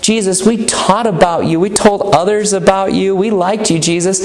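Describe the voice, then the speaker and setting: A man's voice: high-pitched, steady tone, normal speed, pitched above the performer's own voice, close to an everyday voice. A man voicing anxious pleading churchgoers who wheedle and question in a raised voice. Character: anxious pleading churchgoers, adult, seeking approval. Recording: echoey room.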